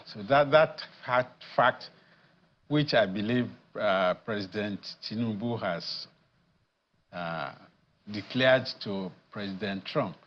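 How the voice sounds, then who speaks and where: A man, a guest addressed as professor, speaking in a measured, deliberate way with frequent pauses and fillers in a studio news interview. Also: fairly low pitch, lo-fi sound. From Nigeria.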